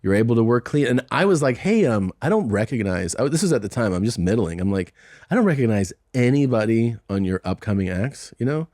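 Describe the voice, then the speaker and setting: A man's voice: medium pitch, lively intonation, a little fast, a little mellow, no echo, studio quality. A middle-aged man hosting a podcast, telling a story in casual chat and acting out the people in it. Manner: laid-back anecdote telling, acting out quoted exchanges. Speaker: podcast host and comedian. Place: podcast studio. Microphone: studio microphone.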